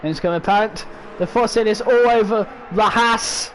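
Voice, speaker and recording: A young man with a British accent calls an online race in a strikingly high voice. He exclaims and laughs his way through crashes and pile-ups. A faint hiss sits under the recording. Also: moderate pace, a bit bright, low-quality recording. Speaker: race commentator. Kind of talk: sim racing commentary.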